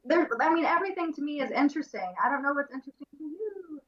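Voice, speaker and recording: A woman guest chatting on a livestream, telling stories in a bubbly, animated way. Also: high voice, fast, highs cut off. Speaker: guest collector. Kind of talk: casual chat.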